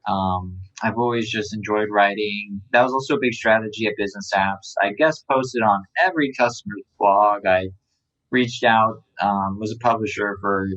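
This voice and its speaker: A startup founder talking casually in an interview, relaxed and rambling, with many fillers. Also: male voice, lowish voice, moderate pace, lo-fi sound. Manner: relaxed, filler-heavy, lots of "um" and "like".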